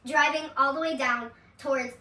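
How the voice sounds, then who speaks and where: A woman's voice: high voice, steady tone, normal speed, pushed and bright, distant mic. A young woman from Seattle telling her personal testimony, candid and casual, swearing freely and laughing often. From Seattle, USA. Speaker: vlogger. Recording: echoey room, voice away from the mic.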